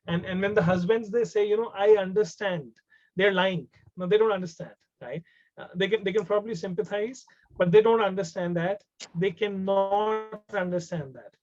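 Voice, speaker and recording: A man's voice: high voice, fairly even intonation, fairly quick, faint music behind. A man with an Indian English accent tells a story during a webinar. He speaks in a conversational way, repeats words, and slips into Hindi. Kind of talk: storytelling talk. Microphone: video call. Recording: dull lo-fi video call audio.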